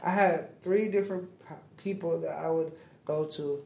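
A young man answers interview questions in a deep, raspy voice with a gravelly edge and a mellow, dark tone. He talks haltingly and repeats his words. The room around him sounds roomy and echoey. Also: steady tone. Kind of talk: casual interview talk. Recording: roomy echo.

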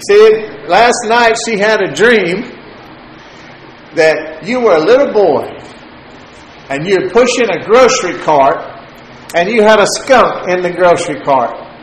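A teasing, chuckling older stepfather, put on by a preacher telling a story. The voice jumps high and gets louder. It sounds like an echoey room. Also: very animated, slow pace, full character voice. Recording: roomy echo, faint noise.

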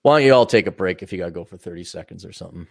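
Lively joking podcast host, man. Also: low voice, rapid-fire, gravelly. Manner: crude, joking, mimics accents. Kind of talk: casual chat.

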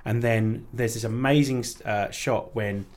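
A man co-hosting a film podcast, with a voice of ordinary pitch. He chats eagerly and stumbles, repeating words as his excitement builds. The talk is loose and casual. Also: measured pace. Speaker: podcast co-host. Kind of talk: casual chat.

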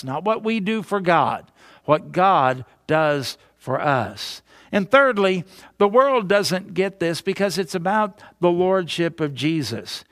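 A man's voice: fairly high pitch, fairly bright tone, no room sound, studio quality. A man pastor preaching a sermon, emphatic and repetitive, building his points with rhetorical questions.

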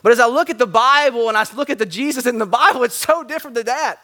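A male pastor preaches to his congregation with a high, sharply bright voice. He is animated, rising to loud emphatic lines and then dropping almost to a whisper. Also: fast talker. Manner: animated, swings from loud to hushed. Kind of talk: sermon.

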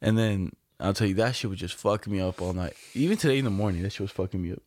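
In a deep, darkish voice and at a quick pace, a male podcast co-host tells stories through loose, slangy, heavily profane banter. The audio is studio quality with no room sound.

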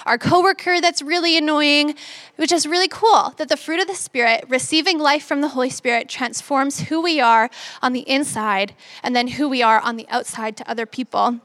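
A woman's voice: high-pitched, normal speed, a bit bright, no echo. A woman in her twenties giving a sermon in an upbeat, conversational way, acting out her own thoughts as she tells a story. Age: 20s. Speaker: young preacher.

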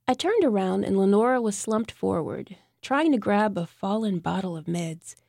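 A young woman narrates a first-person story in a tense, bitter tone. Her voice is gravelly and mellow rather than bright. The sound is dry and close, with no room around it. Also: mid-range voice, dry recording. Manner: tense, bitter inner monologue. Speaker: audiobook narrator.

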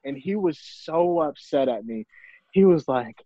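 A young baseball player, appearing as a podcast guest, chats casually in an interview and laughs his way through an easygoing story. His voice is medium-pitched and mellow at a moderate pace, with no echo but a muffled recording quality.

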